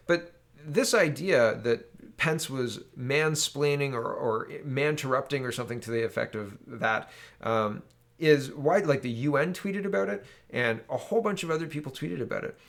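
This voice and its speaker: A man's voice: mid-range voice, normal speed, creaky, fairly bright tone. A man from Canada giving solo political opinion commentary, exasperated and ranting, often tagging his points with "right?".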